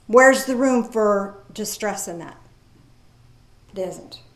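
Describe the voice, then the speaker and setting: A woman preaching a sermon in a lively, folksy way, reading scripture aloud slowly and commenting with casual asides. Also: medium pitch. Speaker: pastor. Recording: echoey room.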